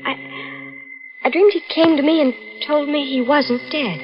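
A woman's voice: high-pitched, a little slow, faint music behind. An actress in an old radio drama playing a scheming young woman who coaxes a confession from her fiancé and then blackmails him. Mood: probing. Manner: sweetly coaxing, then cold and cutting. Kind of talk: 1940s radio drama acting. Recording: dull, lo-fi old radio recording.

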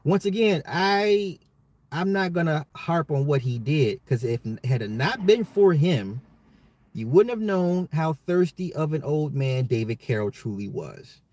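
A man's voice: a little high, very animated, a little slow, a little mellow, dry recording. A man, a father, hosting his own commentary podcast, talking straight to listeners in an emphatic way and often repeating himself. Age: adult, a father. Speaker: podcast host. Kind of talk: solo social commentary podcast.

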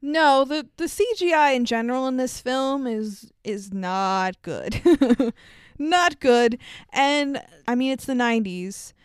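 A woman's voice: high-pitched, takes it slowly, clean tone, no room sound. A young woman co-hosting a podcast, recapping a movie in casual chat, laughing often and swearing freely. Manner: laughs often, animated and profane. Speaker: podcast co-host.

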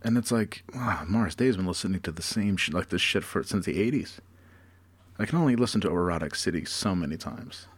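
A man's voice: deep voice, expressive, fairly quick, husky, no room sound. A man co-hosting a comedy podcast, telling an improvised story in a loose, rambling, profane way with lots of fillers. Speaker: podcast co-host.

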